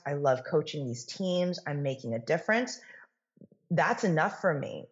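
Energetic woman author, dull lo-fi audio. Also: low voice. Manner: energetic, coaching tone, acts out quoted voices. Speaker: podcast guest, author. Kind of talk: conversational podcast interview.

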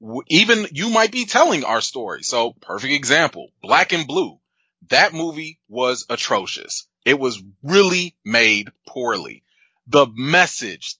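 A man hosting a casual panel of film critics, joking with his guests and summarizing their points in a relaxed way. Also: fairly high pitch, husky, no room sound, lo-fi sound.

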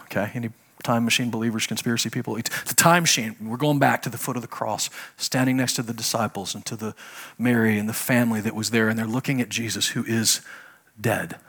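A middle-aged man preaching a conversational sermon as pastor, jumping from loud emphatic bursts to hushed, low lines. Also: steady tone, a little fast, gravelly, husky.

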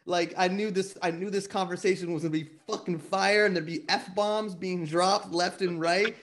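A man's voice: high-pitched, fairly even intonation, normal speed, fairly bright tone. A man who is a guest on a podcast and talks with passion, emphasis and frequent swearing. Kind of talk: casual podcast conversation.

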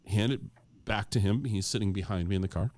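A man's voice: fairly low pitch, quick pace. A middle-aged man telling a long anecdote in a casual, conversational way, acting out the dialogue as he goes. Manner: animated, acts out quoted dialogue; conversational, with fillers and restarts. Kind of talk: casual storytelling.

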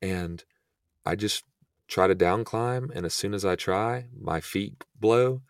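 A young man, a podcast guest, retelling an experience in a relaxed, casual way full of fillers. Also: lowish voice, slow pace, creaky, no echo, clean studio sound. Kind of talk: casual storytelling.

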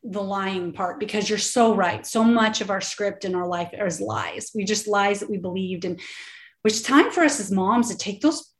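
A woman's voice: medium pitch, normal speed. A woman in her thirties, a podcast guest, talking in an earnest, encouraging way and laughing often. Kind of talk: casual interview talk. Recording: roomy echo.

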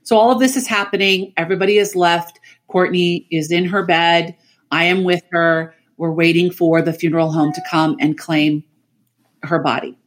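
Animated middle-aged woman telling stories. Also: fairly low pitch, normal speed. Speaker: podcast guest. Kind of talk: casual storytelling chat. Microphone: remote call mic.

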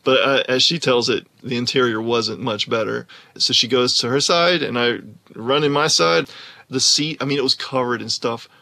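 A man telling a personal story in an animated way, often laughing as he talks. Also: mid-range voice, normal speed, gravelly, dry recording.

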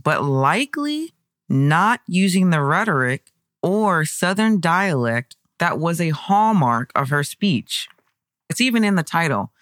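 A podcast host narrating history in a conversational way, breaking into excited personal asides. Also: medium pitch, dry recording, clean studio sound.

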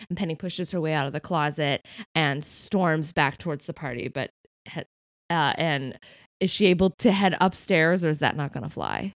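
A woman's voice: low voice, animated, moderate pace, dry recording. Chatty woman player, dry close sound. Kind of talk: casual game chat.

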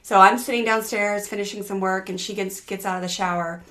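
A woman's voice: mid-range voice, a little fast. Chatty woman podcast co-host. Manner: animated storytelling with many restarts. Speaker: podcast co-host, parenting coach. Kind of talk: casual podcast chat.

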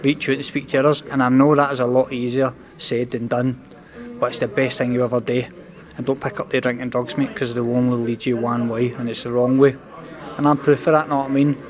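A man's voice: mid-range voice, flat delivery, fairly quick. A young Scottish man with a Glasgow accent, talking earnestly in an interview as a boxer, padding nearly every sentence with "mate" and "know what I mean". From Scotland. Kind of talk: candid interview talk.

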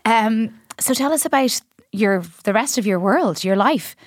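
A woman's voice: fairly high pitch, animated, a little slow, dry recording, studio quality. A woman hosting a podcast, chatting in a bubbly, giggly way. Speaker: podcast host. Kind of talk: casual chat.

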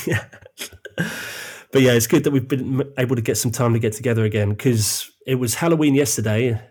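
This is a man in his thirties talking casually as a podcast host, his voice blocked up and nasal from a cold. He sits at a comfortable middle pitch and keeps the chat light, laughing often. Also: a little fast, breathy edge. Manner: chatty, laughs easily. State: stuffy-nosed from a cold.

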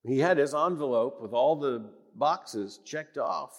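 A man preaching an emphatic sermon in a church, repeating phrases for weight and swinging from loud declarations to hushed tones. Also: mid-range voice, lively intonation, a little slow. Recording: long reverb of a church hall.

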